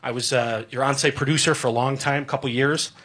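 A man's voice: medium pitch, fairly even intonation, a little fast, a bit bright. A man in his thirties, a radio sports director, giving a rambling, heartfelt farewell tribute on air with many fillers.

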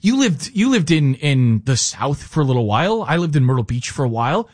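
Wry, emphatic male host, slightly high. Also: sing-song, a little fast, darkish tone, dry recording, studio quality. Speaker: podcast host. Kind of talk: casual sports chat.

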